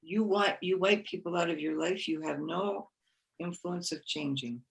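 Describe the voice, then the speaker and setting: Gravelly-voiced woman giving a gentle spiritual talk. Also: fairly low pitch, unhurried, poor audio. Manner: gentle, encouraging, repeats phrases for emphasis. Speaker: conference speaker.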